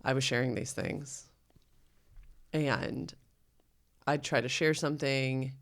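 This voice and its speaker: Woman podcast co-host, low voice, gravelly fry, earnest and reflective, casual heartfelt talk. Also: fairly even intonation, slow pace. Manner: earnest, reflective, acts out quoted thoughts.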